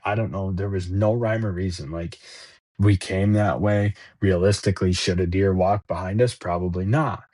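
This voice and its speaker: A man with a low, husky voice tells a story in a loose, rambling way. He stumbles over and repeats words while acting out bits of dialogue. The sound is close and dry. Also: a little mellow, dry recording. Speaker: podcast guest. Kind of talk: casual storytelling.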